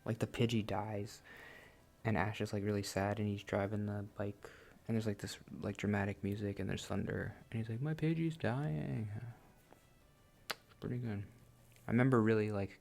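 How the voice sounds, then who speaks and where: A man's voice: fairly low pitch, creaky, a little mellow. A man in his late twenties hosting a gaming channel, rambling casually and self-deprecatingly, often laughing at himself. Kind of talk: casual let's-play chat.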